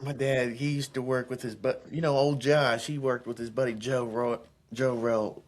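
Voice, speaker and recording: A young man in a casual podcast chat, telling excitable stories, laughing and saying bro and dude. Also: mid-range voice, normal speed.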